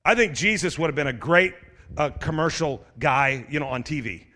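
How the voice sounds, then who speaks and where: A middle-aged male pastor delivering a sermon, urging his listeners on and swelling into shouted exhortation. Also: fairly high pitch, animated, normal speed. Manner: urgent, rising to shouts of exhortation.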